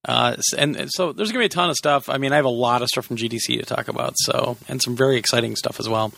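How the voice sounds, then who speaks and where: Gravelly man hosting a casual podcast. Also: medium pitch, fast, bright, forceful tone, no room sound. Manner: laughing, loose and rambling. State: sore voice, sucking a lozenge. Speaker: podcast host.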